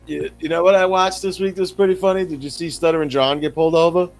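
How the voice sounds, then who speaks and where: A middle-aged podcast co-host chats casually, telling animated stories laced with crude profanity. He has a fairly high voice and talks fast, with soft music playing in the background.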